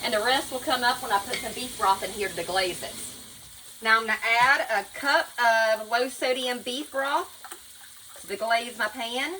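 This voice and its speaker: Woman, Southern US accent, home cooking vlog, talks to viewers as y'all, crisp bright voice. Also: fairly high pitch, normal speed, a little hiss or hum, rough recording. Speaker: home cook. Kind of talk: casual cooking vlog narration. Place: home kitchen at the stove.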